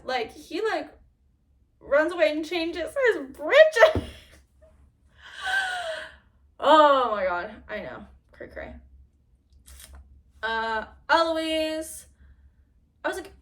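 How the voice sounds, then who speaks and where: Chatty high-voiced young woman vlogger. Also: lively intonation, moderate pace, distant mic. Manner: chatty, gushing, full of fillers and laughs. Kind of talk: casual chat.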